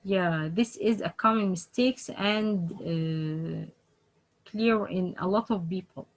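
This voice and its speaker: A woman teaching Quran letter pronunciation online, speaking haltingly with many fillers and repeated example sounds. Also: lowish voice, rough recording.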